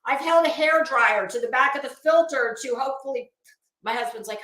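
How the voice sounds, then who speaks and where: Sarcastic, bright-voiced woman ranting. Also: high-pitched, brisk. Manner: sarcastic, blunt and profane. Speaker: YouTube commentator. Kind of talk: casual ranting commentary. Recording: roomy echo.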